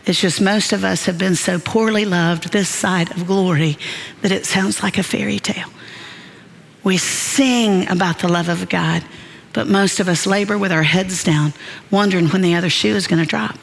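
A woman's voice: on the low side, fairly even intonation, normal speed, vocal fry, poor audio. An older woman, preaching a sermon with folksy, humorous storytelling. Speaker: speaker.

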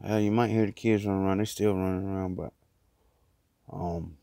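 Man, low voice, casual rambling vlog chat, inside a small closet, dry close sound. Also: steady tone, a little fast, vocal fry, mellow, no echo. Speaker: vlogger.

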